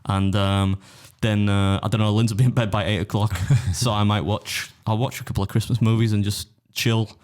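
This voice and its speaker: A man's voice: on the low side, little pitch movement, moderate pace, few pauses, a little mellow. A man hosting a casual podcast, rambling and teasing and laughing often. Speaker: podcast host. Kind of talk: casual banter.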